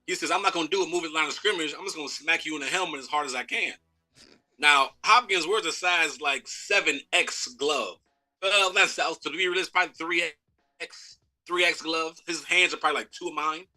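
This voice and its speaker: A man's voice: fairly high pitch, fairly quick, soft background music, poor audio. An American man in his thirties, a former pro football player, telling a locker-room story in a live interview, acting out quotes and laughing. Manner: lively storyteller who acts out quotes and laughs.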